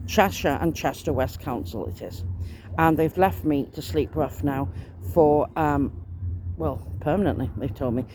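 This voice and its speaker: A woman's voice: deep voice, measured pace, a little mellow, slight background noise. A woman, rambling in a casual monologue to camera, chatty and aggrieved, swearing mildly as she complains. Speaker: vlogger.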